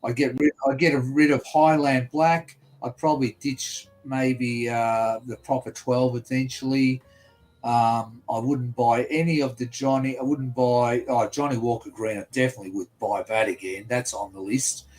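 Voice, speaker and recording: A man's voice: medium pitch, steady tone, moderate pace, darkish tone, soft background music. An Australian man on a casual whisky livestream, rambling and thinking aloud.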